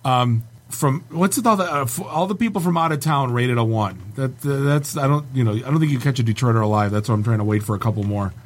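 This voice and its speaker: A man from Canada hosting a casual comedy chat, reading online reviews aloud with wry, deadpan asides. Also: mid-range voice, quick pace, hardly any pauses. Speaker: podcast host.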